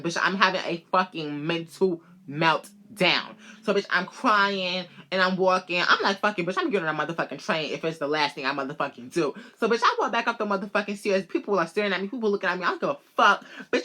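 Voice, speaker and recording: A woman vlogger telling a personal story in casual, animated talk, swearing freely and calling her listeners girl. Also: mid-range voice. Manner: animated, profane, addresses listeners as girl and bitch.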